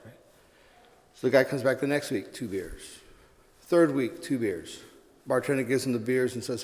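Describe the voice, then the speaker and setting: A man's voice: medium pitch, moderate pace. Man preaching in an echoing church. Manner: storytelling a joke, then earnest preaching. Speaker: pastor. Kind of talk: sermon.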